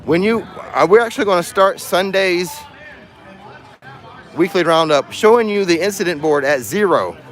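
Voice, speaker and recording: A man's voice: sits high, lively intonation, moderate pace, fairly bright tone. A man hosting a casual livestream from a theme park, chatting and joking with his viewers. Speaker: vlogger host. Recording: music playing clearly behind.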